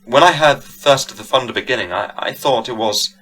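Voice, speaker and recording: A man's voice: medium pitch, fairly quick, fairly bright tone, natural voice, poor audio. A man voicing a grieving middle-aged lady of the manor who speaks in a faltering, trembling way, in a vintage horror storybook reading. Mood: anxious.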